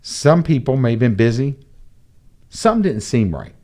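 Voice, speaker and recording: A man, a guest on a podcast, telling a personal story in a casual, animated way and acting out the dialogue. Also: mid-range voice, moderate pace. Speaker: podcast guest, entrepreneur and mentor.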